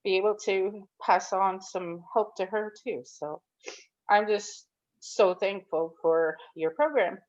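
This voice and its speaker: A woman in her thirties or forties tells her story on a group call in a rambling, upbeat way. Her voice sits at a middle pitch. The call audio is dull and lo-fi. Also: slow pace, a little mellow. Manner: rambling, upbeat, tearful at times. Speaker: program participant giving a testimonial. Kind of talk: emotional testimonial on a group call.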